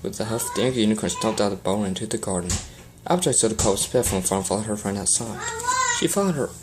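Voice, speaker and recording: A woman narrating a fan fiction story aloud in an expressive storytelling manner. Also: rumbling low, rapid-fire, very noisy.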